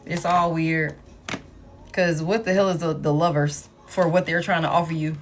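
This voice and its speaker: A woman, giving a live tarot reading in blunt, profane, animated street talk. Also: deep voice, moderate pace, faint music behind. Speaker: tarot reader.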